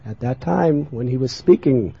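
A man telling a sacred story in a sermon, in an animated, expressive narrating manner, on a muffled lo-fi recording. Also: medium pitch, normal speed, gravelly, slightly rough. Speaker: religious storyteller.

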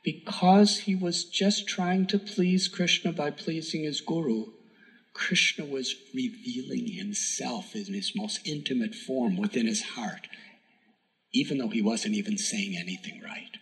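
A man giving a sermon, telling a devotional story in an earnest, emphatic way that sometimes drops to a hush. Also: mid-range voice, measured pace, poor audio. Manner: earnest, emphatic storytelling with hushed whispered moments. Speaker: spiritual teacher.

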